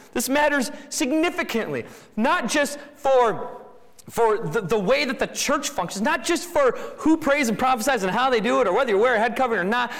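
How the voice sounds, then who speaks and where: A man's voice: high voice, fairly bright tone. A man preaching a sermon to his congregation, talking in a conversational way and rising to emphatic bursts. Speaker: pastor. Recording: reverberant hall.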